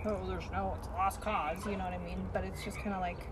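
A woman's voice: fairly low pitch, steady tone, fast talker. A woman co-hosting a podcast in casual chat, telling stories animatedly and laughing often. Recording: noticeable background noise.

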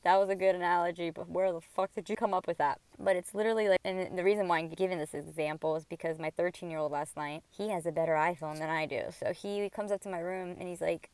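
Candid woman with a smooth voice. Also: fairly low pitch, fairly even intonation, quick pace, hardly any pauses, a little mellow, dry recording. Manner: candid, rambling, swears freely. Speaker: podcast host. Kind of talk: casual spiritual podcast monologue. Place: at home by a window.

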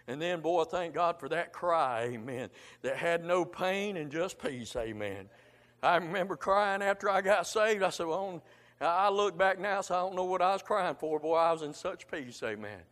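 A man's voice: a little high, expressive, moderate pace, a bit bright. A man with a drawl delivers a heartfelt sermon, his slightly raised voice swelling with conviction. He speaks colloquially and keeps coming back to "amen." His voice trails off into a long, echoing church reverb. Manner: fervent, colloquial, punctuated with frequent "amen". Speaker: preacher. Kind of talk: emotional Baptist sermon.

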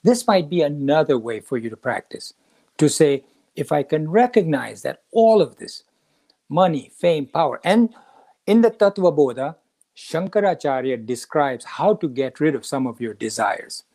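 A man hosts a casual spiritual talk, telling a story with animated turns as he voices each character. His voice sits a bit high for a man. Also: moderate pace. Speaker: podcast host.

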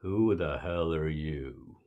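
A man voicing a gruff, hostile Klan leader who speaks slowly and menacingly. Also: a bass voice, phone-quality sound, voice pushed down. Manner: slow, growling, threatening.

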